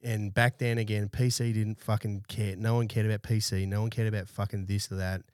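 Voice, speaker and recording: Australian male guest, thirties, lower voice, blunt, swears a lot, dry close studio sound. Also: little pitch movement, fairly quick, darkish tone, no room sound. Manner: blunt and heavily profane, laid-back anecdotes. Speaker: podcast guest, army veteran. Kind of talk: casual storytelling interview. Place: small studio.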